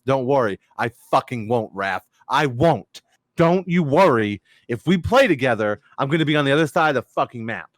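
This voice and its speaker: A man's voice: medium pitch, animated, moderate pace, no room sound, clean studio sound. A man hosting a casual gaming podcast stream, reading viewer comments aloud in a loose, laughing, swear-laden way. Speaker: podcast host.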